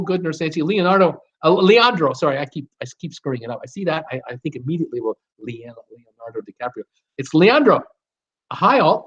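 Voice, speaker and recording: A man hosting a live stream, reading viewer comments aloud and greeting each viewer by name in a chatty, upbeat way. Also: on the high side. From United States. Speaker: host of a live cruise Q&A stream. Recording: slightly dull, lo-fi stream audio.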